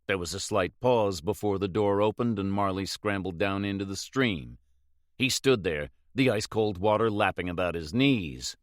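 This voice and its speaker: Man narrating an audiobook, measured. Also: lowish voice, animated, no room sound, studio quality. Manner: measured, dramatic reading.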